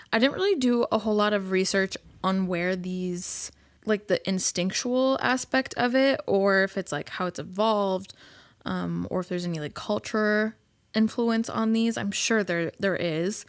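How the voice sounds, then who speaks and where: A woman's voice: medium pitch, dry recording. A woman, hosting a casual solo podcast in a chatty, giggly way with lots of fillers. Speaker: podcast host.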